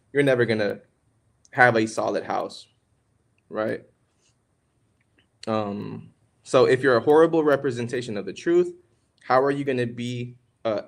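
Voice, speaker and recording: A young man co-hosting a podcast, giving casual religious teaching on marriage in a conversational, preachy way. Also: mid-range voice. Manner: conversational, preachy, calls listeners "man" and "bro". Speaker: podcast co-host.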